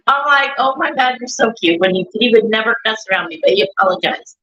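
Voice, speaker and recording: A woman's voice: fairly high pitch, animated, quick pace, few pauses, pushed and bright. A woman, a mother, talking in a rambling casual chat, often quoting her son and herself. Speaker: grieving mother and guest. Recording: dull lo-fi stream audio.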